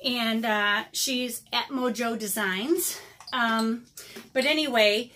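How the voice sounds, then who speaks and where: Here the watercolor artist vlogger, a middle-aged woman, has a somewhat high, slow voice with a sharp edge. She keeps up a casual, rambling chat full of ums as she unboxes art supplies, and she's slightly breathless.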